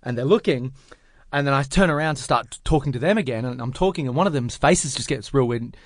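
A man in his twenties telling a story in casual podcast chat, acting out the other people with big jumps in pitch. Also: quick pace, no echo, clean studio sound. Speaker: podcast co-host.

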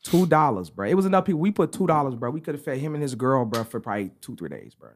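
There's a little hiss or hum behind this young adult man's fast, mid-range voice. As a podcast co-host, he tells a story animatedly in casual slang, throwing in "bro" again and again.

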